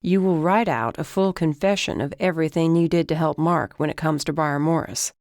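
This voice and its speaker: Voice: mid-range voice, a little fast, darkish tone, no echo, lightly acted. An audiobook narrator voicing a stern male leader laying down terms, in a dry recording. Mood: firm. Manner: firm, commanding.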